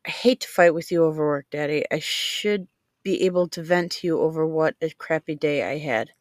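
A woman voicing a young, highly trained female agent who speaks evenly while frustrated. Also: normal speed, dry recording, clean studio sound, lightly acted. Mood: venting. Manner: even, frustrated.

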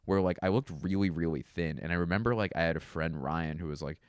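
A man's voice: deep voice, fast, clean tone, dry recording, studio quality. A man around thirty talking in a casual, rambling monologue at home, often mocking himself and laughing. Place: indoors at home.

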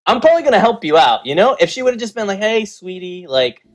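Brief: man, slightly high voice, casual podcast storyteller, lively quotes, lots of "like". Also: fast. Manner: animated storyteller, acts out quotes, many fillers. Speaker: game store co-owner.

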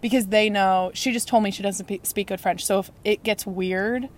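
A woman's voice: mid-range voice, normal speed. A young woman being interviewed on a casual podcast. She talks freely and acts out what other people say as she tells her stories. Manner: animated storyteller, acts out other people's lines. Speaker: interview guest.

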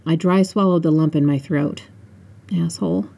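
A woman with a slightly low voice reads her own first-person novel aloud, unedited. Her narration is casual, with offhand asides between passages. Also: steady tone, moderate pace, mellow. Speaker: author and audiobook narrator.

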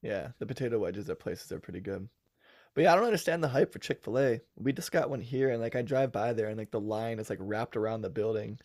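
A man from the United States, a guest on a podcast, talking in a relaxed, reflective way and laughing easily. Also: fairly low pitch, fast, no room sound, clean studio sound. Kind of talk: casual podcast chat.

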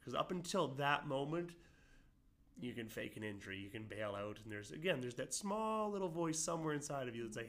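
Man, speaking in a medium pitch in a casual interview. He rambles and restarts often, with plenty of likes and ums, in a relaxed, conversational way. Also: fairly quick. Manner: rambling, many fillers and restarts. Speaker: amateur boxer guest.

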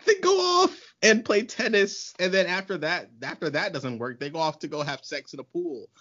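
A man co-hosting a casual podcast chat, animated and exasperated, laughing often. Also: sits high, normal speed. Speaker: podcast co-host. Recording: muffled lo-fi.

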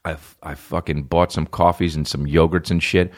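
A young man hosting a comedy podcast, ranting profanely, jumping between loud high bursts and low mumbled asides. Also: fairly even intonation, a little fast, few pauses. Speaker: podcast host. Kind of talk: solo comedic podcast rant.

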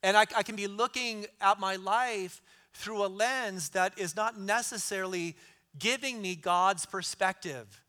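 A man's voice: high voice, unhurried, pushed and bright, clean tone. A middle-aged man preaching a sermon in an earnest way, repeating key lines for emphasis. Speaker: pastor.

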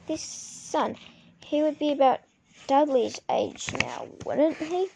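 Nervous, stammering middle-aged husband, gravelly edge, read by a woman. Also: high-pitched, wildly swooping pitch, slow pace, darkish tone, a little hiss or hum, full character voice. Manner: hesitant, stammering. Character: nervous middle-aged man, anxious and fussy.

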